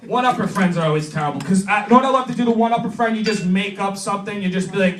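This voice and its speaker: A young man from New York doing a crude stand-up set, rambling and acting out his friends in quick voices. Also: sits high, fairly bright tone, a little hiss or hum. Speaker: stand-up comedian. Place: small comedy club stage. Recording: roomy club from far off, crowd.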